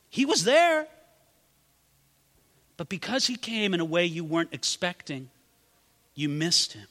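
A high, bright male preacher delivers a sermon in a big hall with a long reverb tail. His voice climbs to ringing exclamations, then drops to hushed, intimate lines. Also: sing-song, unhurried, pauses often. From California. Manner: dramatic, swings from loud exclamations to hushed near-whispers. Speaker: pastor.

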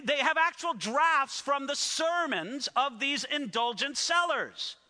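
High-voiced guy preaching, very bright tone, lively asides, echoey big room. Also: slow pace. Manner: animated storytelling with asides to the audience. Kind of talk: sermon. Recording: echoey hall.

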